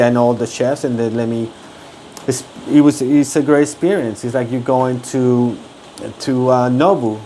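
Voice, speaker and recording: A man's voice: mid-range voice, mellow, slight background noise. A middle-aged chef from Mexico with a Mexican Spanish accent, talking casually and circling back to repeat his points. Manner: rambling, repeats himself, emphatic. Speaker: chef and podcast co-host. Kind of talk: casual conversation.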